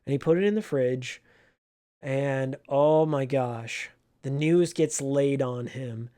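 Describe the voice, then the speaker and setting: Speaking at a medium pitch with a dark tone, this man shares a heartfelt story from his time working at a game store. The vlog is casual, but his retelling is slow, earnest, and emotional.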